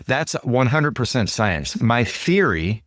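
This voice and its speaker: A man, a guest author and consultant, explaining ideas in an interview with lively stories. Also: medium pitch, takes it slowly, dry recording, studio quality. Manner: animated, acts out dialogue in quoted voices. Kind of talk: storytelling interview answers.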